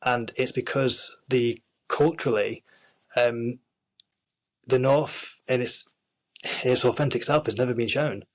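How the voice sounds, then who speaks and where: A man's voice: medium pitch, measured pace, pauses often, rough recording. Earnest Yorkshire man talking. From Yorkshire, England. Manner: earnest, many restarts and fillers. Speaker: actor and screenwriter, guest. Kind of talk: casual interview chat.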